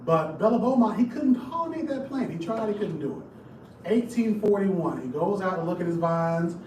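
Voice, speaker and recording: A man's voice: high-pitched, animated, normal speed, darkish tone. Chatty man presenting in an echoey room. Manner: chatty, jokey, talks straight to the audience. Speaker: presenter giving a live history talk. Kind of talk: casual live lecture. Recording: echoey room, distant mic, background noise.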